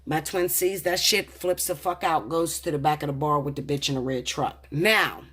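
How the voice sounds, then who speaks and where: A woman's voice: deep voice, moderate pace, fairly bright tone, breathy edge. A woman in her thirties, a tarot reader, telling a personal story in a heated, profane, confessional way. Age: 30s. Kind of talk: casual storytelling to camera.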